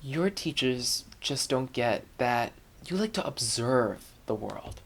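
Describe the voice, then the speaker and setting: Man acting as a gentle quiet father, soft hushed voice, reassuring, mid pitch. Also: lively intonation, takes it slowly, creaky, exaggerated voice. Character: quiet, gentle father comforting his daughter. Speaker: stage actor. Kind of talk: theatre monologue.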